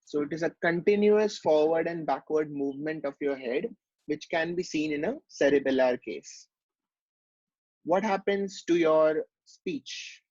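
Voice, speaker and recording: A man's voice: a little high, measured pace, darkish tone, no room sound, highs cut off. A man giving a medical lecture, explaining step by step and asking rhetorical questions.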